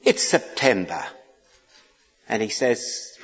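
Preacher in a big echoey hall. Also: male voice, mid-range voice, sing-song, a little slow, fairly bright tone, muffled recording. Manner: storytelling with humor, emphatic pleading repetitions. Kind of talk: sermon.

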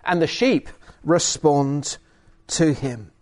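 A man's voice: on the high side, slow pace. A man preaching a sermon and reading from the Bible, emphatic with hesitant fillers.

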